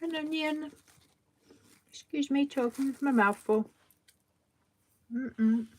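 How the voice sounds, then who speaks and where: A woman hosts a craft live stream, chatting casually, greeting viewers, answering them from the live chat and gently reassuring them. She often trails off mid-sentence and starts over. Her voice is on the high side with fairly even intonation, and she takes it slowly.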